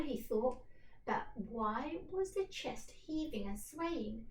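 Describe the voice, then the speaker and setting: A woman teacher reading a storybook aloud for young children, slowly, clearly and expressively. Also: on the high side, a little hiss or hum. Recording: echoey room, distant from the mic.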